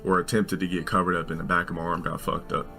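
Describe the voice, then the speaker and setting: A man in his forties telling a long personal story in a casual, profane, animated way, with faint music. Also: fast talker, creaky. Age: 40s. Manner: animated, profane, jumps into shrill quoted voices. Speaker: storyteller in a video.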